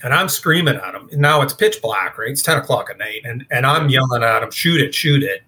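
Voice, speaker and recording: Man, interview guest, casual rambling storyteller, bright forceful voice. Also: medium pitch, animated, fairly quick. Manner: casual, rambling, with many fillers. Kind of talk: storytelling in conversation.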